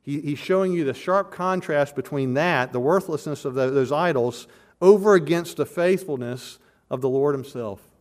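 A man's voice: medium pitch, darkish tone. Earnest male preacher, emphatic delivery. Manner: earnest, emphatic, repeats and restarts words. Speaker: pastor. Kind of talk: expository sermon.

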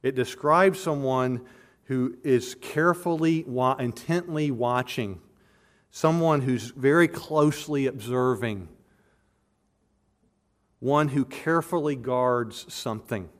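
Man, preacher, earnest sermon, emphatic, repeats words, mid-pitched voice. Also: slow pace. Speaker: pastor. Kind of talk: expository sermon.

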